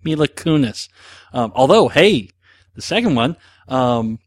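A man's voice: medium pitch, sing-song, a little slow, no echo. Rambling, jokey man with fillers. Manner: rambling, self-deprecating, jokey, with many fillers. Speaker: podcast host answering listener questions. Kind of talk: casual solo talk.

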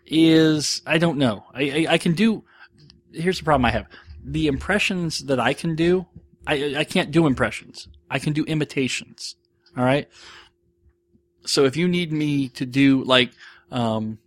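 A man's voice: mid-range voice, a bit bright, no echo. A man hosting a podcast, casually reading out and answering listener questions in a rambling, self-deprecating way. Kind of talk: casual monologue.

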